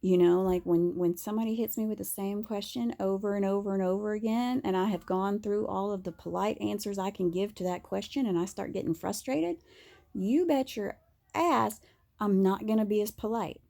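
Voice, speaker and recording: A woman's voice: medium pitch, fairly even intonation, fairly quick, vocal fry, few pauses, warm tone. A woman vlogger talking candidly in a casual, rambling monologue, full of fillers and restarts.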